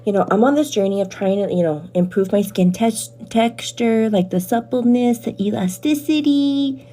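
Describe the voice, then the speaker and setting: A woman's voice: on the high side, normal speed, dark tone, a little hiss or hum. A woman in her thirties hosting a get-ready-with-me live stream, chatting to her viewers, calling them "girl" and thanking them by name as she gets ready at home. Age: 30s. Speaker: livestream host.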